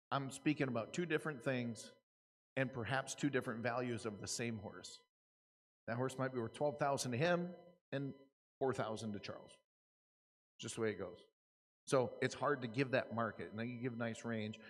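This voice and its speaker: An American man speaks to a room of auctioneers in an easy, conversational way. His voice sits at an ordinary pitch, and he often stops and restarts a thought before pushing on. The sound carries a long reverb, like a large hall. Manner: casual, repeats and restarts, earnest. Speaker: auctioneer giving a seminar talk. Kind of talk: conversational lecture to a live audience. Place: conference room.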